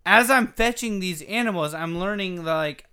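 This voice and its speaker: High-voiced guy rambling through a game story, swears a lot, crisp clear tone. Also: moderate pace. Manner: profane, animated storytelling with acted quotes. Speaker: podcast co-host. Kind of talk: casual chat.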